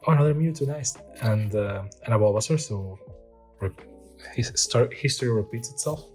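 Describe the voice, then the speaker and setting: A middle-aged man chats his way through opening card packs, rambling and easily excited, reading card text aloud in fits and starts. His pitch sits at an ordinary middle height. Soft music plays faintly behind him. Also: moderate pace. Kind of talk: casual unboxing chat.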